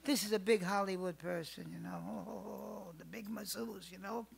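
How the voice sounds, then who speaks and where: An older woman telling family stories as a podcast guest, animated, swinging between loud outbursts and hushed asides. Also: mid-range voice, unhurried, gravelly. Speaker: psychic guest. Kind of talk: storytelling in a podcast interview.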